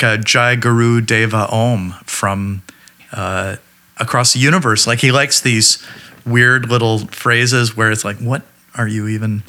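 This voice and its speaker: A man's voice: mid-range voice, pushed and bright. A man, a musicologist guest on a podcast, talking enthusiastically and thinking aloud in casual chat.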